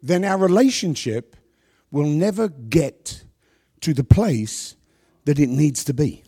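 A middle-aged man preaching a sermon to a congregation on a handheld microphone, with a worn voice, asking rhetorical questions and pausing for effect. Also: fairly high pitch, lively intonation, slightly rough. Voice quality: voice worn from past yelling. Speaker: pastor.

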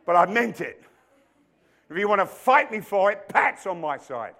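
A man with a very high-pitched voice preaching a sermon in a church hall. He builds to loud, emphatic declarations and then drops into quiet, joking asides. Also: sing-song, measured pace. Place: church hall with stage lights.

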